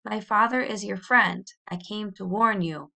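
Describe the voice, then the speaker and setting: A woman reading aloud gives us a brave young pioneer girl from a storybook, earnest and insistent. She pleads in a slow, deliberate way, and the voice carries a gravelly edge. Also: medium pitch, sharp tone. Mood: urgent. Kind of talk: audiobook reading.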